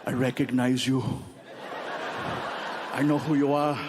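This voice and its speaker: A comedian doing a loud, effusive impression of a famous bodybuilder-actor greeting fans in a stand-up set. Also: male voice, medium pitch, little pitch movement, measured pace, noisy background, voice pushed down, lightly acted.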